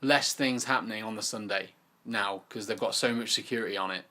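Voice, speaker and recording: A man's voice: lowish voice, brisk, pushed and bright. A young man co-hosting a music podcast, chatting casually with dry, sarcastic asides. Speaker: podcast co-host. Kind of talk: casual chat.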